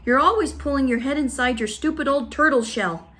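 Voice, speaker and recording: Woman reading as storybook girl: raised, pleading, emotional, higher lines. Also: lively intonation, normal speed, lightly acted. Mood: upset, pleading. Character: spirited young girl, upset and pleading.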